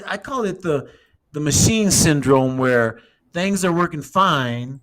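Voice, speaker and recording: A man's voice: on the high side, animated, a little slow, a bit bright. Rambling man hosting a map talk. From United States. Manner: rambling, addresses viewers as everybody. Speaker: show host. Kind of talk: casual livestream talk over a map.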